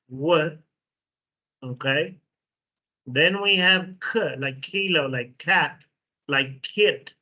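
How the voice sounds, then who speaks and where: Guy teaching english sounds, sharp bright voice, really slow, muffled lo-fi audio. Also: fairly high pitch. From Mexico. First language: Spanish. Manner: slow, repeats sounds, checks in with "okay". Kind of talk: classroom phonetics lesson. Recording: dull lo-fi recording.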